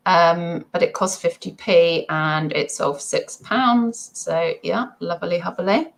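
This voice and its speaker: A woman's voice: on the low side, measured pace, vocal fry, rough recording. A woman vlogger chatting casually and rambling about her resale items, with giggly asides. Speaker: eBay reseller vlogger. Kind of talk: casual chat to viewers.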